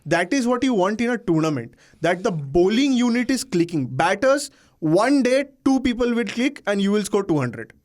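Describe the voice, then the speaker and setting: A man's voice: sits high, normal speed, hardly any pauses. A man with an Indian English accent, arguing animatedly in a casual cricket panel debate, often cutting in. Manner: animated, interrupting, argumentative.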